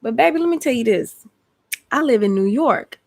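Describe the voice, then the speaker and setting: A woman's voice: on the high side, normal speed, creaky. A woman with a Georgia accent hosting a casual live stream, chatty and slangy. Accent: Georgia, US South. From Atlanta, USA. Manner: chatty, lively, slangy, exclamatory. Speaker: host.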